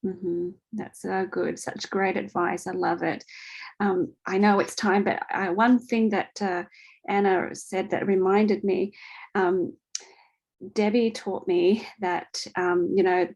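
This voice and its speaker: A woman's voice: mid-range voice, takes it slowly, dull audio. A woman hosting a video call panel, chatty and effusive, telling stories with lots of fillers. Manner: gushing, animated storytelling with many fillers. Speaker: panel host. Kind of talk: casual video call chat.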